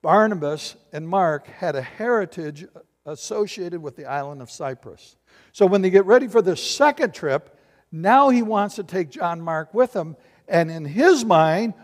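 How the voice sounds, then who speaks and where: Male pastor, higher voice, animated preaching style in a reverberant hall. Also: moderate pace. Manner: animated, acts out voices and asks the congregation questions. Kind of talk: sermon.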